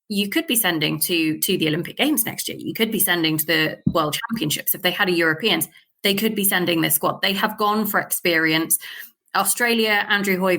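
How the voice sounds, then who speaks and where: Female podcast host, low-pitched and bright, brisk panel leader. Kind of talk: casual panel chat.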